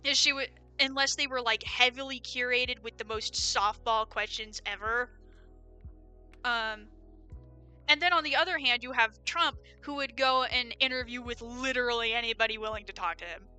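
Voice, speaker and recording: A woman's voice: on the high side, normal speed, bright, forceful tone, clear, resonant tone, soft background music. A young American woman with an American accent, giving an opinionated, rambling livestream rant full of fillers. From United States. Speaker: streamer.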